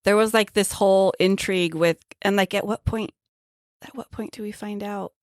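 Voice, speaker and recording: A woman co-hosting a podcast, chatting casually about a film and often pausing with "um" and "like". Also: medium pitch, fairly even intonation, no room sound, clean studio sound. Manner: chatty, hesitant with "um" and "like". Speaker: podcast co-host. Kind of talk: casual chat recapping a film.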